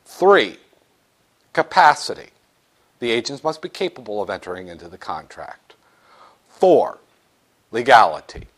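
A man's voice: on the low side, sing-song, measured pace, long pauses, fairly bright tone. A man teaching a business law class, lecturing in a joking way and acting out little scenes with students.

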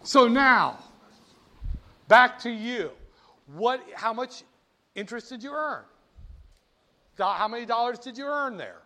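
Speaking slowly with long pauses, a male finance teacher with a distinctly high-pitched voice runs his class. He's lively and playful, poking fun at students while he quizzes them.

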